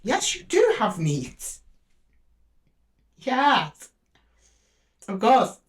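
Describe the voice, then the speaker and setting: A woman's voice: on the high side, wildly swooping pitch, very slow, slight background noise. A woman reading tarot cards to camera. She speaks straight to the zodiac sign, thinks aloud and often stops and restarts. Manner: hesitant, with frequent restarts while drawing cards. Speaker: tarot reader.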